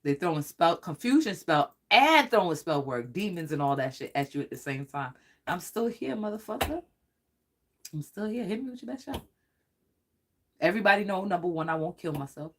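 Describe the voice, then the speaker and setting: A psychic tarot reader giving a casual livestream reading, rambling and excitable, often laughing and swearing. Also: medium pitch, normal speed.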